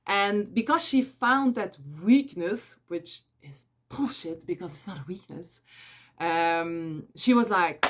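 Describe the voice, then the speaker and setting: A woman with a Flemish accent, Dutch her first language, telling a personal story in a casual, candid and animated way as an energy advisor. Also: medium pitch, measured pace. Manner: candid and animated, acting out quotes, laughing often.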